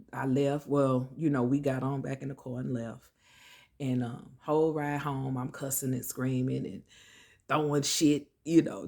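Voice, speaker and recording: A woman with a gravelly, husky voice tells a personal story in a relaxed, chatty way. She speaks straight to her viewers, drawing them in as she goes. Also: rumbling low. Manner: chatty, animated, addresses listeners as y'all and child. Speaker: vlogger. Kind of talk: casual storytelling.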